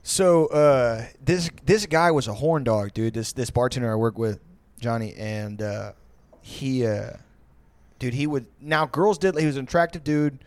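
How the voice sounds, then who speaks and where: A man casually telling bar stories on a podcast. His talk is loose and profane, packed with fillers, and he slips into mocking voices for the people he describes. His voice sits at an ordinary middle pitch. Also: measured pace, a little mellow, no room sound. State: tipsy. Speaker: podcast host. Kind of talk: casual storytelling.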